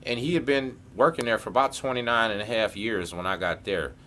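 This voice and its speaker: A man's voice: fairly low pitch, a little fast, slight background noise. Profane man telling prison stories. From Texas. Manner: animated, profane prison storytelling with acted quotes. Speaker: podcast host. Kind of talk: casual storytelling chat.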